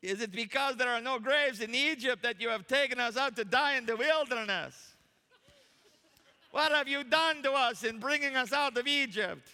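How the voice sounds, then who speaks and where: A man's voice: very high voice, expressive, moderate pace, few pauses, bright, forceful tone, clear, resonant tone, big-room sound, voice pushed up, full character voice. A man voicing complaining, frightened Israelites who whine and accuse, with an indignant edge. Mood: whining accusing.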